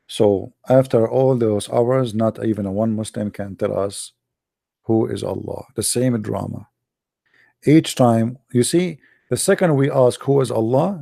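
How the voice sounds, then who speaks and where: A man hosting a call-in show alone, taunting absent callers in broken English and sing-song repetition, often clearing his throat. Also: mid-range voice, dark tone, no echo, studio quality. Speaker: host of a call-in religious debate show. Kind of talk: live call-in show monologue.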